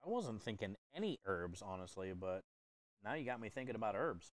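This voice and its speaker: A man's voice: on the low side, very animated, a little fast, dry recording. A man, a food truck chef, chatting casually with his livestream viewers while he cooks in a kitchen. He is easygoing and joking, and he chuckles often. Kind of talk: casual livestream cooking chat.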